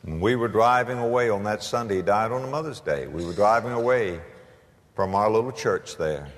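A pastor preaching a sermon, emphatic, moving between loud proclaiming and hushed storytelling. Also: male voice, fairly low pitch, brisk. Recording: long hall reverb.

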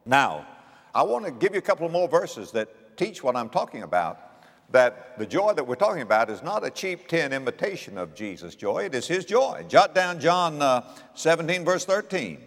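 A man's voice: fairly high pitch, very animated, moderate pace, in a large hall. A man preaching a sermon in an emphatic, dynamic way, often chuckling.

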